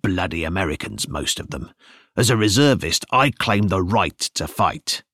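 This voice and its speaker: A proud, defiant commander , voiced by a male narrator, spits out short clipped lines in a low, gravelly-deep register. The sound is dry and close, with no room around it. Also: animated, normal speed, a bit bright, dry recording. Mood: scornful. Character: gruff proud middle-aged male German commander.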